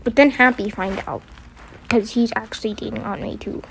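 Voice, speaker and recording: A woman casually telling a story in a rambling, halting way with many restarts. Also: on the high side, steady tone, creaky, noisy background.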